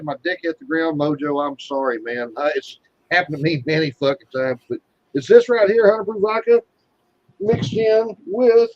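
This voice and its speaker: An interview guest with a high voice rambles through stories in casual chat, swearing constantly. The recording sounds dry, dull, and lo-fi.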